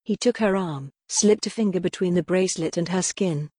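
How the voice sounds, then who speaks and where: Woman narrating a dark gothic novel. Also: fairly low pitch, slightly rough, no room sound, clean studio sound. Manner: measured, dramatic storytelling. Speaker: audiobook narrator. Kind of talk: scripted narration.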